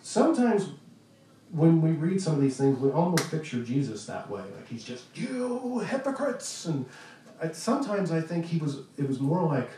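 A man preaching a conversational sermon as pastor, earnest, with pauses and restarts. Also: on the high side, dark tone. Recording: echoey room, distant mic, faint noise.

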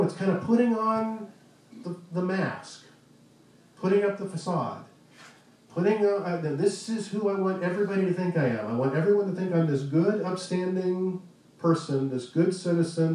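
Male pastor, mellow voice, earnest conversational sermon, recorded from afar in a roomy hall. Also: high-pitched. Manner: earnest, conversational preaching with pauses and restarts. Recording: echoey room, distant mic, faint noise.

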